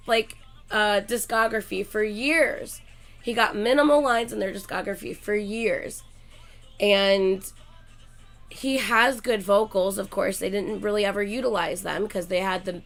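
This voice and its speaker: This young woman is ill and coughing while she chats casually and excitably with livestream viewers, reading names from the chat with gushing enthusiasm. She has a mid-range, gravelly voice.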